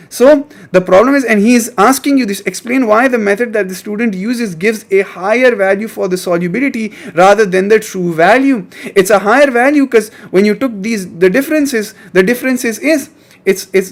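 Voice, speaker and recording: Male chemistry tutor, high voice, keeps prodding the class for answers. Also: moderate pace. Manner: coaxing, repeats questions to students. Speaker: chemistry teacher. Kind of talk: online exam-prep lesson.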